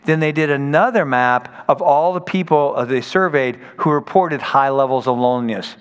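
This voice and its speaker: Long hall reverb fills this recording of a pastor at medium pitch and normal speed, his tone clean. He preaches conversationally, storytelling and voicing the people he quotes.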